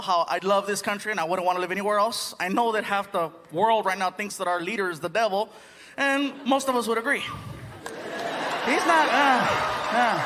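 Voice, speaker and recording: A high-pitched American man performs an animated stand-up set on a large theater stage, slipping into voices and doing crowd-work asides before a live audience. The hall is reverberant, with loud audience laughter and crowd noise throughout.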